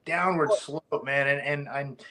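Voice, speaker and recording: A man's voice: a little high, fairly even intonation, measured pace, pushed and bright. A man, a former fighter, talking casually as a podcast guest, rambling with many restarts.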